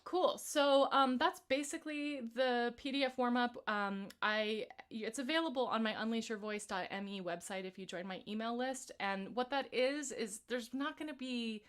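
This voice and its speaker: A woman vocal coach leading a live-streamed singing warm-up, explaining exercises in a relaxed, chatty way between scales. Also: on the high side, moderate pace, hardly any pauses, smooth.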